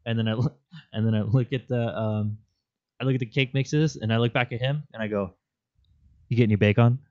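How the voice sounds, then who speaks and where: A man on a casual podcast tells a story from his day at work, animated and quick to laugh. He sits in the middle of the pitch range. The sound is a little dull and lo-fi. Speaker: podcast co-host. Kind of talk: casual chat. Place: Arizona.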